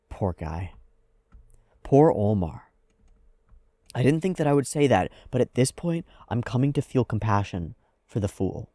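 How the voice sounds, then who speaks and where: A man's voice: mid-range voice, lively intonation, a little slow, pauses often, dark tone, dry recording, studio quality. A man hosting an anime reaction, talking through a character's psychology in a thoughtful, analytical way with frequent "like"s. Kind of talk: casual reflective commentary.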